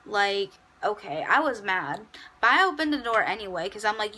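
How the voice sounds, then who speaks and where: A woman's voice: mid-range voice, unhurried, bright, forceful tone, rough recording. A young adult woman in a casual storytime, telling a petty workplace story in a chatty, sassy way. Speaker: vlogger.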